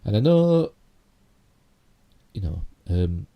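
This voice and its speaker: A man's voice: lowish voice, very animated, slow pace, muffled recording. A man with a Yorkshire accent hosting a casual live stream, rambling through geek news with lots of "you know" and tag questions. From Yorkshire, England.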